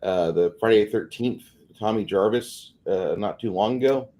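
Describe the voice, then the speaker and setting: Low, mellow-voiced man co-hosting. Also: moderate pace. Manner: rambling, friendly, repeats words. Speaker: co-host. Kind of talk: casual stream chat.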